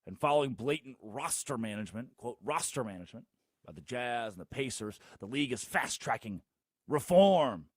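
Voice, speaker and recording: A man hosting a sports talk show, delivering a theatrical monologue full of sarcastic rhetorical questions and big swings in loudness. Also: medium pitch, expressive, normal speed, dry recording, studio quality. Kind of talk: animated monologue.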